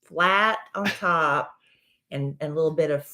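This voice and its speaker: A woman's voice: sits low, measured pace, pushed and bright. A woman co-hosting a live stream, chatting casually in an easygoing, self-deprecating way. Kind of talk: casual chat.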